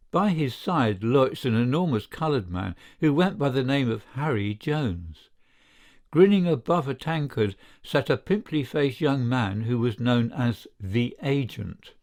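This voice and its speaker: A man narrates a classic story at an unhurried pace. His pitch moves a lot, giving the telling plenty of lift and color. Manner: slow, lively storytelling delivery. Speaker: audiobook reader. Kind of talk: scripted narration of a short story.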